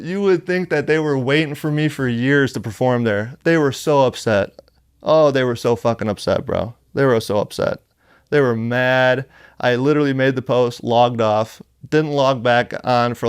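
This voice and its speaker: Smooth-voiced, profane male rapper. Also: medium pitch, no echo, clean studio sound. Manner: blunt, heavily profane, heated. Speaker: horrorcore rapper, podcast guest. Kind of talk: casual interview storytelling. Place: podcast studio.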